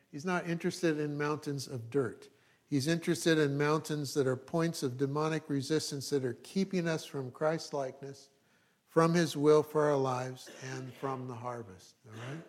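A middle-aged male pastor delivers a sermon in a conversational style, with his voice pitched fairly high. He drops in asides and often checks in with the congregation.

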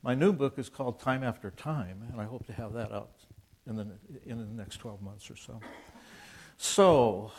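A man's voice: mid-range voice, a little mellow. Man, 70s, Christian author, informal preaching talk, rambling, earnest, plainspoken, acts out dialogue. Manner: conversational and rambling, with restarts and asides.

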